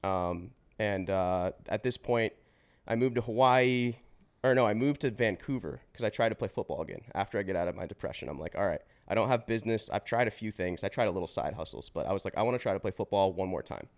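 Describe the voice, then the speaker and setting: A man in his twenties, a podcast guest, telling his life story in a casual, slangy way with swearing and quick restarts. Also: on the low side, clean tone. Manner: slangy and swearing, says bro and dude; fast run-on telling with restarts.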